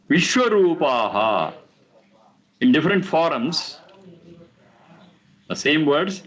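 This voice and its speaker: A man teaching a class on scripture, explaining verses slowly and repeating the recited lines. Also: on the high side, a bit bright, muffled recording. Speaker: teacher of Vedic texts.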